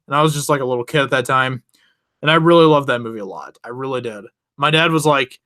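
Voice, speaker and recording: A young channel host tells his viewers a rambling personal story, chatting casually, laughing often and restarting a lot. His medium-pitched voice is animated, fairly quick and sharp in tone.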